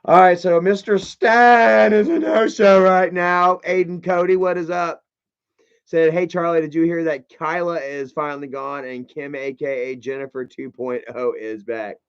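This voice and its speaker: A man's voice: a little high, steady tone, normal speed, smooth, lo-fi sound. A man in a casual live stream, rambling, joking and swearing as he opens fan mail. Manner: rambling, profane and jokey.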